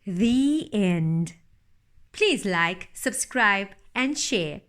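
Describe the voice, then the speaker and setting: A woman reading a fairytale aloud in a gentle, expressive storytelling manner. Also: medium pitch, very slow, smooth.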